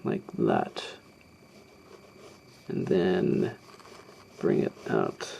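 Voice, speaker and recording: A man's voice: rumbling low, huge pitch swings, drawn-out words, vocal fry, warm tone, lo-fi sound, slight background noise. A man talking through a drawing tutorial as he sketches, hesitant and rambling, with many ums and self-deprecating asides. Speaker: art tutorial host. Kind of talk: narrating a live drawing tutorial.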